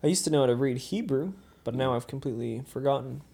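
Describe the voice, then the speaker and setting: Husky, easygoing man chatting. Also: medium pitch, fast, warm tone. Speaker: podcast co-host. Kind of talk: casual chat.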